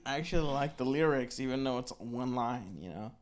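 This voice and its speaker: A man's voice: medium pitch, steady tone, fairly quick. Rambling young man, filler-heavy chat. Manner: rambling, filler-heavy, says "like" and "you know" constantly. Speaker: album review podcast co-host. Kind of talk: casual chat.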